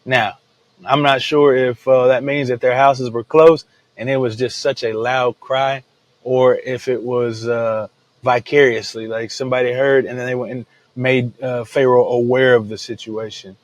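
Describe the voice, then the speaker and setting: A man's voice: mid-range voice, fairly even intonation, unhurried, rough recording. A man hosting a daily Bible devotional podcast, retelling scripture in casual everyday speech and often calling listeners "man.". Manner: laid-back, says "man" often, retells the story in everyday slang. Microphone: podcast microphone.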